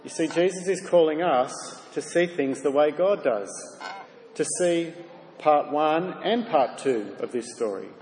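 A man's voice: a little high, lively intonation, unhurried, darkish tone, slight background noise. A man preaching a sermon, speaking earnestly and directly to his listeners with rhetorical questions. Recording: reverberant hall, faint ambience.

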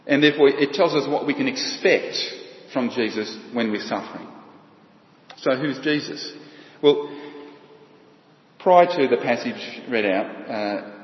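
A man preaching a sermon, halting and often repeating words as he restarts. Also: mid-range voice. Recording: dull, echoey hall with long reverb.

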